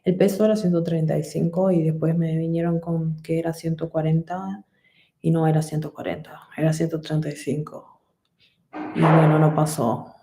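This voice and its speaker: A woman's voice: deep voice, fairly even intonation, fast, creaky, mellow, roomy sound, soft background music, rough recording. A woman boxer with a Spanish accent and Spanish as her first language, chatting loosely and swearing freely on a casual live stream. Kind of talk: casual live-stream chat answering comments.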